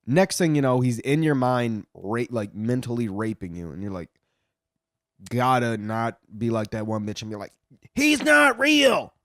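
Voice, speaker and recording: A man's voice: fairly low pitch, moderate pace, a little mellow, no room sound, clean studio sound. A man retelling a story in casual commentary, swearing a lot and rambling with frequent restarts.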